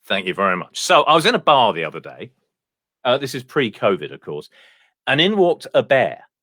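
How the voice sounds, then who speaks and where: A man telling a run of one-liner jokes in a deadpan way, slowing for the punchlines, then chatting as a guest on a video call. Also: medium pitch, dry recording, clean studio sound. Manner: deadpan joke delivery with slow punchlines. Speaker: comedian guest.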